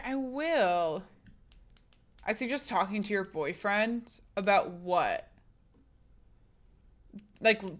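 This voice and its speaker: A woman's voice: medium pitch, a bit bright. A young woman streamer chatting casually with her live chat, reading comments aloud and rambling with many restarts.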